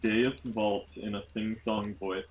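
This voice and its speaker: A man's voice: fairly low pitch, steady tone, slow pace, slightly rough, low-quality recording. A young man playing a cleric in a tabletop game, chatting casually and joking around with the group. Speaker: player, a cleric.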